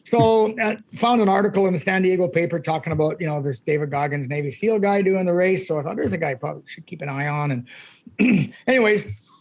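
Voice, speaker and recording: A middle-aged man with a notably high voice. He tells long, chatty stories full of fillers and often breaks into laughter. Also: brisk, a little mellow. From Canada. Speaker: guest, ultramarathon runner. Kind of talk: casual storytelling.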